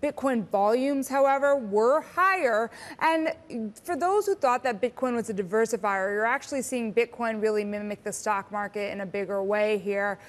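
A woman markets reporter giving a quick, informative update. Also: fairly high pitch, in a large hall. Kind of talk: news report.

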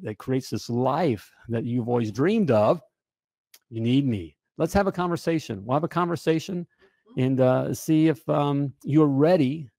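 A man coaching plumbers in a casual, joking sales pitch, often checking in with "all right?". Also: gravelly, mellow, no echo, clean studio sound. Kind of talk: casual promotional pitch to camera.

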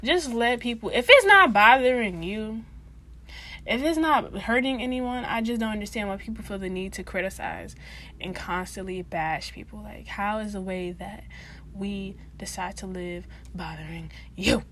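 A woman's voice: mid-range voice, moderate pace, a bit bright, slight background noise. A young woman vlogging in a casual, chatty way, full of slang and fillers, speaking straight to her viewers. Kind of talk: casual talk to camera.

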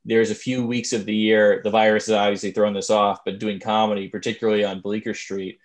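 A man co-hosting a casual chat, wry and rambling, with lots of fillers and drawn-out asides. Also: on the low side, little pitch movement. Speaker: podcast co-host.

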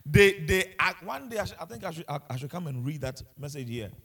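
A man's voice: a little high, fairly quick, sharp tone, husky. A man preaching a sermon with passion, repeating himself and asking the congregation rhetorical questions. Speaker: pastor.

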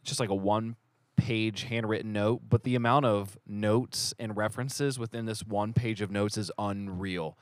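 A man's voice: on the low side, fairly even intonation, moderate pace, no echo. A man from southern West Virginia co-hosting a podcast, chatty and joking. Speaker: podcast co-host. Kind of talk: casual chat.

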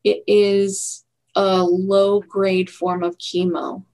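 A woman's voice: medium pitch, level tone, extremely slow, darkish tone, low-quality recording. A middle-aged woman telling her own story in a candid, reflective way during a casual interview. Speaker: guest.

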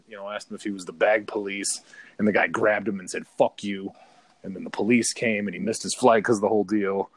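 A man's voice: on the low side, dry recording. A man co-hosting a podcast, telling a heated, profane story in casual chat. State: partly deaf in left ear. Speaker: podcast co-host.

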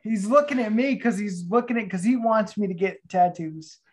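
A man's voice: sits high, moderate pace. Easygoing man co-hosting a podcast. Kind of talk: casual chat.

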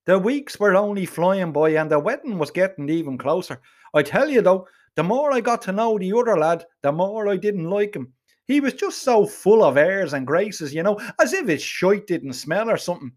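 A man's voice: high voice, expressive, normal speed. A middle-aged man with a Dublin Irish accent telling a crude comic story in the first person, swearing freely. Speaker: narrator.

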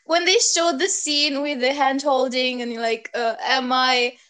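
A woman co-hosting a podcast in casual chat, emotional and quick to exclaim, quoting scenes she watched. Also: high voice, steady tone, sharp tone, clean tone. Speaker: podcast co-host.

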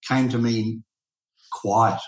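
A man hosting an interview, telling stories in a lively, animated way. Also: lowish voice, takes it slowly, echoey room, poor audio. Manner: animated, storytelling. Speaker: podcast host. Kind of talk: casual interview chat.

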